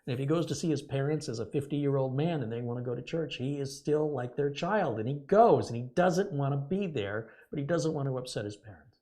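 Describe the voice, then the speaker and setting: A man's voice: medium pitch, fairly quick, hardly any pauses, mellow. A middle-aged man hosting a casual live stream, sarcastic and rambling, reading out viewer donations.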